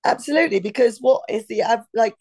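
A woman's voice: a little high, quick pace, a little mellow. A woman in her fifties co-hosting a podcast in casual chat, rambling and losing her thread mid-sentence. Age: 50s. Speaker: podcast co-host.

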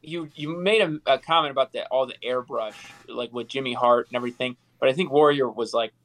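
This man, a podcast co-host, speaks a little fast in a mid-range voice over a low-quality recording. He's an animated storyteller who performs the quotes in his casual anecdotes.

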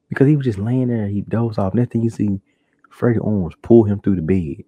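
Brisk, with a breathy edge, the man running this casual solo podcast tells stories animatedly and acts out shocked reactions in a high voice. The sound is a dry, dull, lo-fi home recording.

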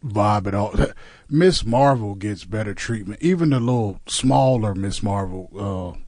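A man co-hosting a casual podcast, joking and rambling through quick asides. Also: on the low side, animated, a little mellow, no echo. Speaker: podcast co-host. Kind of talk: casual comedic chat.

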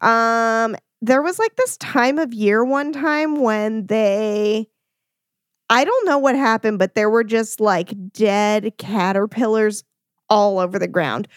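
Relaxed storytelling woman, dry mic. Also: fairly high pitch, takes it slowly, no room sound. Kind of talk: casual chat.

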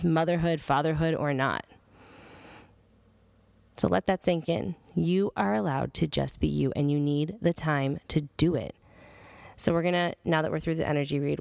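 A woman's voice: low voice, no echo. A woman in her thirties hosting a podcast monologue, blunt, earnest and freely profane. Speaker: podcast host. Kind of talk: casual monologue.

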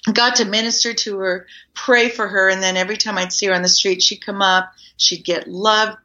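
A woman's voice: medium pitch, a little fast, dull audio. A woman guest in a podcast interview, telling stories and acting out the dialogue as she speaks. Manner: animated storyteller acting out quoted dialogue. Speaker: guest, community garden minister.

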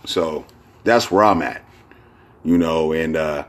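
A man's voice: rumbling low, slow pace. A man hosting a casual solo podcast, talking in a rambling, profane way full of fillers and restarts. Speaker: podcast host.

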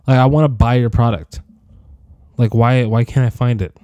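A young man in his twenties talks alone in a rambling audio diary, cursing freely and jumping between gripes. He is sick, and his mellow, dark voice carries a rough edge from it. The sound is dry and close, with no room around it. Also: medium pitch, fairly even intonation, normal speed, dry recording. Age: 20s. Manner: profane, rambling rants that drift between topics. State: sick with a cough.

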